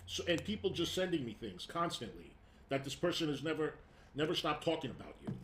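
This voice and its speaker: A man's voice: a little high, big pitch swings, brisk, fairly bright tone, slight background noise. A man in a played stream clip, complaining defensively that he is called a harasser. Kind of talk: casual stream talk.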